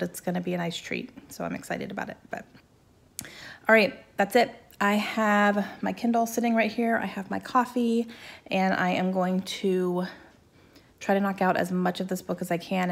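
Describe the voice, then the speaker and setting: A woman's voice: medium pitch, vocal fry. A woman in her thirties chatting casually in a reading vlog at home, upbeat and laughing often. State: talking around a mint in her mouth. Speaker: book vlogger.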